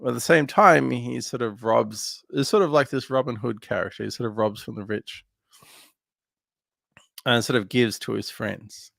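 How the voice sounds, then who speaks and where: A man with a very gravelly, creaky voice recaps a film plot casually. He wanders through the story with lots of ums. The sound is close and dry, with no room behind it. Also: mid-range voice, normal speed, a bit bright, dry recording. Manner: meandering, filler-heavy retelling. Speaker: film podcast co-host.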